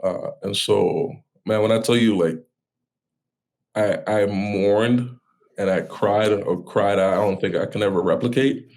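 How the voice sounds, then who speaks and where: A man in his thirties talking as an interview guest, halting and reflective, often restarting and correcting himself. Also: fairly low pitch, creaky, a little mellow. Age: 30s.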